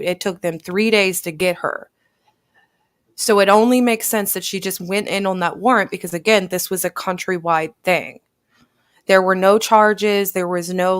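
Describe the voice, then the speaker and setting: A woman's voice: medium pitch, no room sound. Woman recapping court records, dry sound. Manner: explanatory, recapping, frequent fillers. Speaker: commentary host. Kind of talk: casual live commentary.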